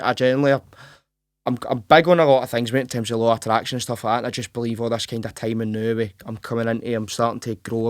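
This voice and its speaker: Fast-talking young Glaswegian man, flat delivery. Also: medium pitch, no room sound, clean studio sound. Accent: Glaswegian Scottish. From Scotland. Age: 20s. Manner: rapid and earnest, full of restarts and "mate". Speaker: professional boxer, guest. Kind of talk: casual interview chat.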